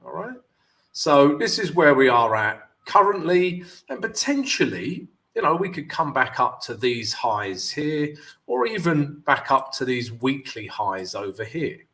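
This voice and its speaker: A man's voice: medium pitch, very animated, a little slow, a bit bright. A man hosting a casual trading livestream, upbeat and chatty, speaking a bit thickly after dental work. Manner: upbeat, chatty, addresses viewers as guys. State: numbed from dental work, speech slightly off. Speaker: forex trading livestream host. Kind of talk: casual live-stream chat.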